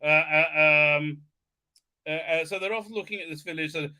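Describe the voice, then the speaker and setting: A man's voice: fairly high pitch, moderate pace, sharp tone. A man hosting a live show, mocking what he watches in a crude, sarcastic way, full of "uh, uh" fillers and silly put-on voices. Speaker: host.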